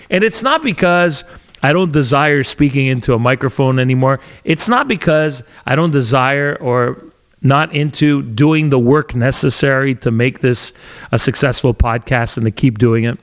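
A man's voice: mid-range voice, normal speed, fairly bright tone. A middle-aged Canadian man hosting a solo podcast, rambling and sarcastic, often restarting his sentences. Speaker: podcast host.

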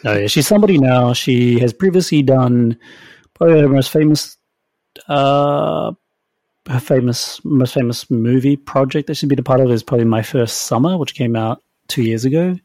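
A man's voice: mid-range voice, normal speed, dark tone, no room sound. A man hosting a podcast, reviewing a TV series in casual, chatty talk full of fillers and hedges. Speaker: podcast host.

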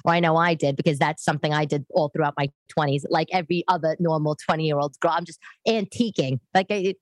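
She's a podcast host from New York, in her thirties, chatting casually at home to camera and running herself down as she rambles. The deep voice is recorded on a home camera setup in her living room without any room sound.

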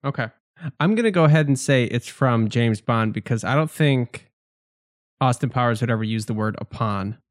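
Podcast co-host guy, mid-pitched, teasing banter, dry close mic. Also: expressive, normal speed, no echo. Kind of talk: casual podcast chat.

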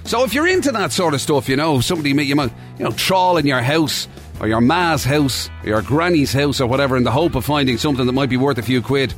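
A man's voice: mid-range voice, expressive, quick pace, soft background music. A man co-hosting a radio chat show, talking in a wry, rambling, conversational way. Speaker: radio co-host. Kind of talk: casual chat.

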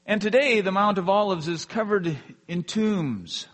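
A male pastor delivers a sermon in an earnest, measured way. His voice sits slightly high, and he lets each phrase sink quietly at the end. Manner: earnest, drops softly at phrase ends.

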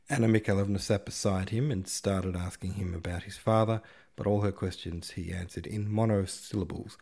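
A man's voice: sits low, fairly even intonation, moderate pace, a little mellow. A man narrating a classic novel in a wry, slangy retelling. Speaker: podcast host reading a novel. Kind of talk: audiobook narration.

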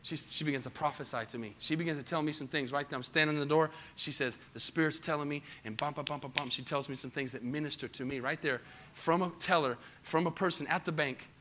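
A pastor with a high, bright, cutting voice talks fast through his sermon, dropping to a hushed storytelling tone before surging into loud, emphatic preaching. He often turns to the congregation with questions, while a faint room hum lingers behind him.

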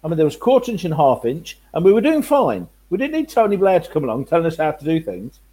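A man co-hosting a casual chat, joking and quick with banter. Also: on the high side, wildly swooping pitch, mellow, slightly rough. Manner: joking, puts on mock race commentary. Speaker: co-host.

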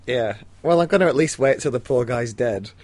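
A man's voice: medium pitch, animated, brisk, darkish tone. A man co-hosting a casual book podcast, summarizing the plot with dry understatement. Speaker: podcast co-host.

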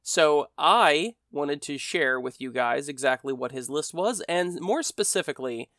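An American man with a slightly raised pitch hosts a casual podcast and rambles on in an easy, chatty monologue. He stops and restarts his sentences as he thinks aloud. The recording is dry and close, with no room sound. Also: animated, a little slow, fairly bright tone, dry recording. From United States. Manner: rambling, self-correcting, conversational. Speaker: podcast host.

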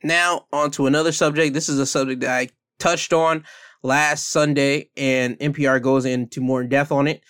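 A man's voice: medium pitch, steady tone, normal speed, fairly bright tone, clean tone, dry recording, clean studio sound. A man giving a blunt, heated opinion rant as a commentator, speaking emphatically.

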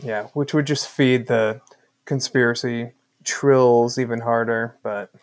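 Man, podcast co-host, casual chat, easygoing, mid-pitched voice. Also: fairly even intonation, takes it slowly.

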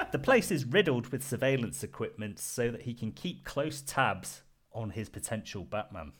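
A man's voice: medium pitch, sing-song, measured pace, husky. A British man hosting a podcast panel, mixing casual chat with wry scripted segments and frequent laughs. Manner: wry, laughs often, dry asides. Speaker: podcast host.

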